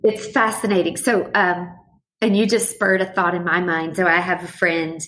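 A middle-aged woman talking thoughtfully in a relaxed conversation, slowing down and showing how breathing works. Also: fairly low pitch, slight background noise, poor audio. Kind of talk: reflective conversational chat.

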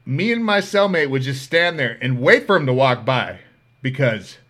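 Podcast guy telling wild stories, cussing n laughing, pitch all over the place. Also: normal speed. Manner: animated, profane, laughing. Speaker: podcast host. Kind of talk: comedic storytelling.

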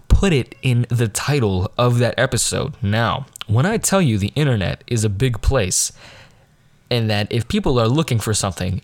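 Rambling teenage podcaster. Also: male voice, mid-range voice, no echo. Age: teens. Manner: rambling, self-deprecating, loses his train of thought. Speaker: podcast host. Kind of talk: casual podcast monologue.

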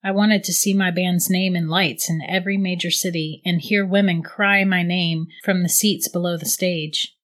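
A woman giving steady, reflective first-person audiobook narration. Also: on the low side.

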